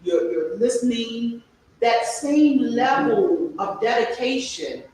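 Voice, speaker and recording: A woman guest talking reflectively in a relaxed conversation, telling stories from her own life. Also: on the high side, takes it slowly, a little hiss or hum. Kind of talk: casual live-stream conversation. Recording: echoey room, voice from far off.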